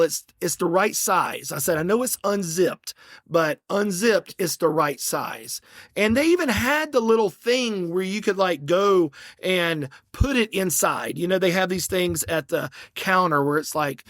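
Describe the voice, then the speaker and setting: A middle-aged man hosting a podcast, telling a story in a casual, animated and exasperated way, with lots of restarts. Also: high voice, normal speed, no echo, clean studio sound. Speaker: podcast host.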